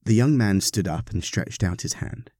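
A man reading a story aloud, narrating in an expressive, wry manner. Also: lowish voice, normal speed, dry recording, studio quality.

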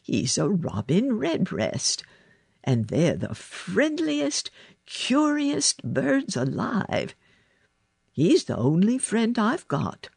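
A gruff old gardener in a storybook, stern and plain-spoken, his words drawn out slowly, as a woman reads him. The voice has a gravelly, husky edge and sounds close and dry. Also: medium pitch, huge pitch swings, a little mellow, dry recording, voice pushed up, exaggerated voice. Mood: kindly. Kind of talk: storybook reading.

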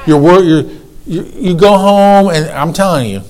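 A man in his fifties preaching an animated sermon as a pastor, repeating himself and calling for responses from the congregation. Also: sits high, normal speed, low-quality recording.

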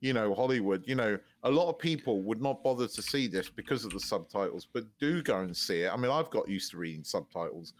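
A man co-hosting a casual podcast, speaking in a measured, thoughtful way. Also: lowish voice, expressive. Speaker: podcast co-host.

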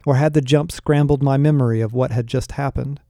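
A man reading a first-person story aloud in a measured, wry storytelling manner. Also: mid-range voice, fairly even intonation, creaky, warm tone, dry recording, clean studio sound. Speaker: narrator. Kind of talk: first-person audiobook narration.

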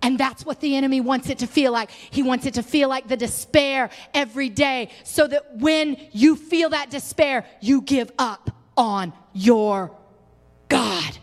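A young woman delivers an impassioned sermon in a high, bright voice. She swings from loud, drawn-out peaks to soft, quiet drops. The sound rings out with a long hall reverb. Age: young adult. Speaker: preacher.

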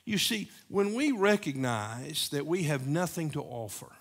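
A man preaching a sermon as pastor, moving between emphatic raised passages and hushed, repeated lines. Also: fairly high pitch, sing-song, unhurried. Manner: preaching with swings from loud emphatic peaks to hushed, repeated phrases.

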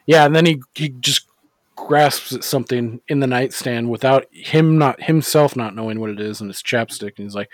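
A man's voice: mid-range voice, fairly even intonation, brisk, dry recording. Rambling casual podcast guy, dry mic. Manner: rambling, filler-heavy, swears freely. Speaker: podcast co-host. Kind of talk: casual movie podcast chat.

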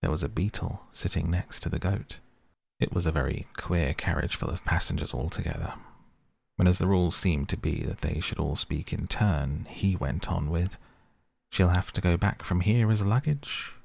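A man reading a storybook aloud in a calm, even manner. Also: extremely low pitch, moderate pace, creaky, husky, no echo. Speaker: narrator. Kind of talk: audiobook reading.

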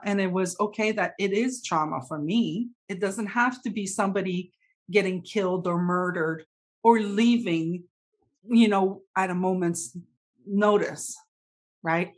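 A woman recounts a personal experience in a halting, heartfelt way. She often restarts her sentences and her voice carries emotion that at times turns tearful. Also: mid-range voice. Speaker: participant sharing a story. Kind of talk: personal sharing in a group talk.

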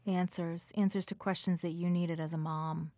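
A woman hosting a radio talk show, interviewing a guest with gentle, affirming remarks. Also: lowish voice, flat delivery, normal speed, no room sound, studio quality.

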